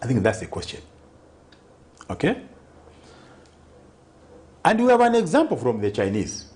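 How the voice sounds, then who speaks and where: Emphatic man with lively intonation. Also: mid-range voice, unhurried. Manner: emphatic, argues point by point and keeps asking "Okay?". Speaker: political party president. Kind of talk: TV interview answers.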